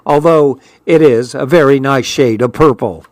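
A man voicing a polite, formal teenage boy who speaks in courteous, measured sentences. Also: mid-range voice, a little mellow, no echo, close to an everyday voice.

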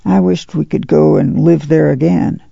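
Man playing an eager rambling country girl, gravelly raised voice, muffled dry recording. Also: fairly high pitch, sing-song, normal speed, mellow, dry recording, exaggerated voice. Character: chatty poor rural girl, excitable. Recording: dull lo-fi dry audiobook recording.

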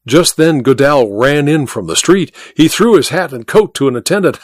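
Animated male audiobook narrator. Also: fairly high pitch, normal speed, few pauses, no echo, clean studio sound. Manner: expressive, animated storytelling.

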